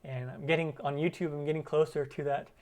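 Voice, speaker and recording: A man's voice: fairly high pitch, fairly even intonation, fast talker, a little mellow. A man hosting a cooking channel's live stream Q&A, chatting loosely with viewers and using many fillers. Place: lives in Arizona.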